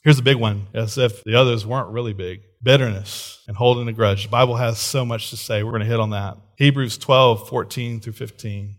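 A middle-aged man preaching a sermon in an animated way, often checking in with "right?" and laughing. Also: mid-range voice, a little fast, few pauses. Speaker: pastor.

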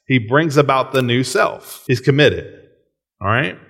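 Conversational male preacher, mid-pitched. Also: expressive, unhurried, creaky, a bit bright. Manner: conversational, frequent "right?" check-ins, chuckles. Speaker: pastor. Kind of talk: sermon.

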